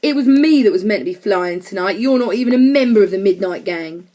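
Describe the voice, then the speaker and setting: A woman's voice: sits high, animated, normal speed, voice pushed up. A woman reading an audiobook, voicing a grumpy, bossy young boy who speaks curtly. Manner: curt and snappy.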